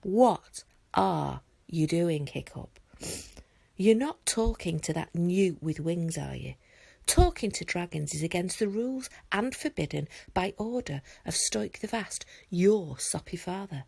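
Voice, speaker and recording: A woman voicing a loud, sneering young bully in a storybook reading, jeering and mocking. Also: fairly low pitch, expressive, a little slow, gravelly, slightly rough, no room sound, heavily acted.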